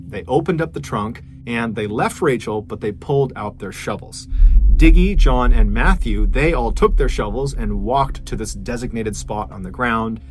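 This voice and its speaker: A man hosting a podcast, telling a true crime story in a conversational, earnest way. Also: medium pitch. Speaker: podcast host.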